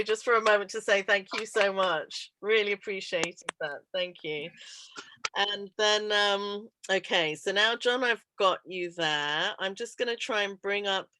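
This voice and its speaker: A woman's voice: medium pitch, pushed and bright, dry recording. A woman with an English accent hosting an online event over a video call, chatty, laughing often and full of fillers. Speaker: host. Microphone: computer mic on video call.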